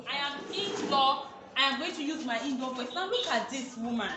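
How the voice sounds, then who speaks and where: A woman teacher, giving an online safety lesson to young children, slow and emphatic, repeating her points. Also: sits high, lively intonation. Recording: very echoey room, faint noise.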